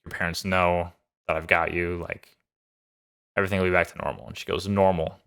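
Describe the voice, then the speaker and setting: A deep, gravelly voice, pushed and bright, stays level in tone while moving a little fast. The man is a show reviewer casually recapping a TV episode, upbeat and meandering, loose and eager with lots of fillers.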